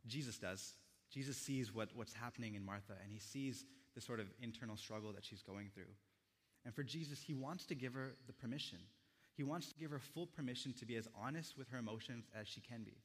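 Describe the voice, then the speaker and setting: Speaking at an ordinary middle pitch, a young male pastor delivers a gentle, reflective sermon, leaving quiet pauses between his thoughts. A large church hall lends the sound a long reverb.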